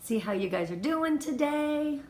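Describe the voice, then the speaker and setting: A woman's voice: high-pitched, unhurried. A woman in her fifties from Southern California, giving an effusive, emotional motivational talk as a team leader on a live video stream. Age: 50s. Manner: bubbly, effusive, emotional and lively. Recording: echoey room.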